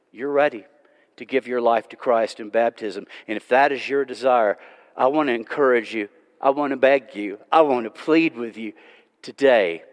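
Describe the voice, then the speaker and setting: Man, pastor giving a Sunday sermon, earnest pleading delivery, long church reverb. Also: mid-range voice. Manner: pleading, earnest, swings from loud to hushed. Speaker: preacher. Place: church sanctuary.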